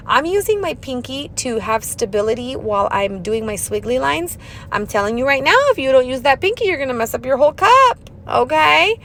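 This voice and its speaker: A young woman hosting a crafting tutorial in a chatty voiceover, talking fast and bubbly with silly sing-song asides. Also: a little high, a bit bright, slight background noise.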